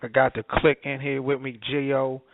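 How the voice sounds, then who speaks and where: A man with a Baltimore accent hosting a radio show, relaxed and slangy as he talks with a caller. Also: medium pitch, normal speed, gravelly, phone-quality sound, background noise. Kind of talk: casual radio interview.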